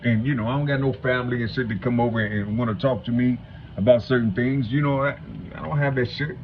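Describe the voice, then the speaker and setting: A man's voice: fairly even intonation, quick pace. A man in his fifties from Cincinnati, talking to viewers in a rambling, stuttering monologue that is full of swearing and "you know what I'm saying.". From Cincinnati, Ohio. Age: 50s. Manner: salty street talk, heavy swearing. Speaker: vlogger. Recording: dull low-fi home recording, faint hum.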